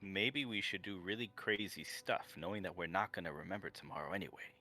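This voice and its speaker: A man playing a tabletop game, speaking in a playful and halting way. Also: low voice, sharp tone. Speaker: player.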